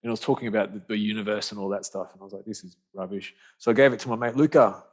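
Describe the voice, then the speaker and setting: A man, a podcast guest telling his story in casual conversation, animated and slangy, acting out what friends said. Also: fairly low pitch, rapid-fire. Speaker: podcast guest, author and speaker. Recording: muffled lo-fi audio.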